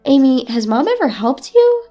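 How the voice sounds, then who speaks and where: A stern young woman lawyer who speaks firmly and coldly to her own mother, voiced by a woman narrator. Her voice sits high, with faint music under the storybook reading. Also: sing-song, normal speed, mellow. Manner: stern, indignant. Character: firm young woman lawyer, sister-in-law.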